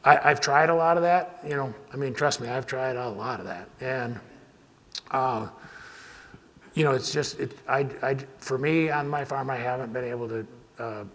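A man's voice: mid-range voice, normal speed, a bit bright. Man talking shop in an echoing hall. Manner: casual, rambling, frequent restarts. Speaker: farmer giving a talk. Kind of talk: conference presentation with audience Q&A. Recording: hall reverb.

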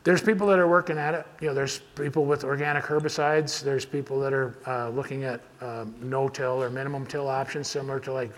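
A man's voice: medium pitch, fairly even intonation, fairly quick, few pauses. Man, farmer presenting, casual and rambling, long hall reverb. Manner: casual, rambling, frequent restarts. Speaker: farmer giving a talk. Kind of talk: conference presentation with audience Q&A.

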